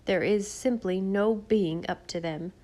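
A woman voicing a stern, fussy older housekeeper in an audiobook, speaking in a deliberate, scolding way. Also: mid-range voice, creaky, a little mellow. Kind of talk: audiobook character voice.

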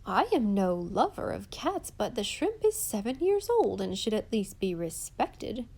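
A stiff, proper old housekeeper delivers her disapproval in a prim, unbending tone, as a woman reading a storybook puts her on. Her voice stays low-key and firm. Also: big pitch swings, unhurried, creaky, a little mellow, heavily acted. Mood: indignant. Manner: prim, implacable scolding. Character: stern older housekeeper woman.

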